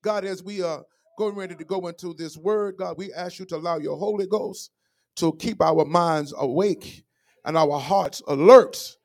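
Gravelly preaching pastor, high-pitched. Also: male voice, normal speed. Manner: call-and-response preaching, rising fervor. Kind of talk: sermon and prayer. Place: church sanctuary.

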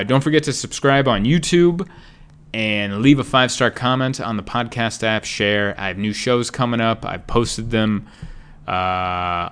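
A young man chats through his solo comedy podcast in a loose, rambling way. His delivery is jokey and sarcastic, with his voice jumping high and loud, then dropping low and quiet as he riffs. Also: smooth. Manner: wide swings in pitch and loudness. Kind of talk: casual solo podcast monologue.

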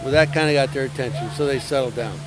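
A man's voice: mid-range voice, quick pace, over music, low-quality recording. A man who flies airliners, casually telling an anecdote and acting out the people in it. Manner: animated anecdote-telling with acted-out quotes. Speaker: airline pilot telling stories. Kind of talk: casual storytelling.

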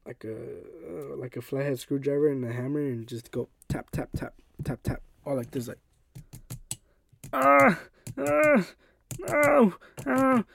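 A young adult man hosting a podcast tells a personal story in a casual, animated way, acting out what others said. His voice is on the high side with vocal fry, and the recording is dry.

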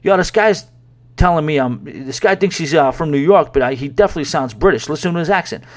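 Nosy, insistent middle-aged male gambler, pitched a bit high, as a podcast host quotes him. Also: expressive, quick pace, close to an everyday voice. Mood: needling. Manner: insistent, needling.

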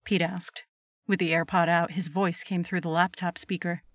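A woman narrates a scripted horror story at a steady, measured pace. Her voice sits a little low and the recording is dry and close. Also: dry recording.

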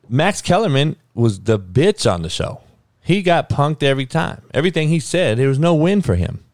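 A man's voice: medium pitch, no room sound, clean studio sound. A man hosting his own podcast, ranting bluntly and profanely in a heated, casual way. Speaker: podcast host. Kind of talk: casual opinion rant.

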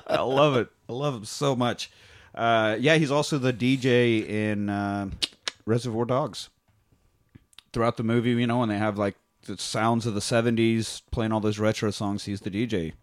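A man's voice: on the low side, steady tone, moderate pace, dry recording, studio quality. A man co-hosting a casual podcast, rambling and laughing as he retells a comedy film scene by scene. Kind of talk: casual chat.

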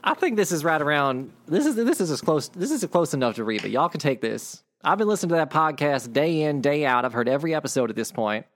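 A man's voice: on the high side, animated, quick pace, few pauses, natural voice. A man doing a drawling country sea hag. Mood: boastful. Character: cackling female sea hag with country twang.

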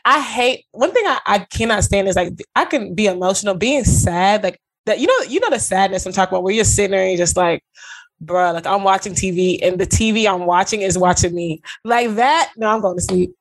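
A woman's voice: mid-range voice, expressive, fairly quick. A woman in casual podcast chat, talking bluntly and playfully with lots of slang.

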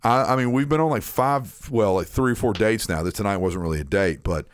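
A man's voice: on the low side, brisk, no room sound, studio quality. A man telling a long personal story in casual chat, rambling and repeating himself as he acts out what was said.

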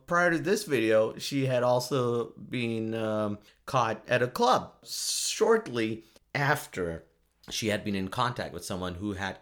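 A man's voice: medium pitch, a bit bright. A man giving a casual, joking commentary monologue, often laughing at himself. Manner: joking, self-mocking, frequent laughs. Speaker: vlogger.

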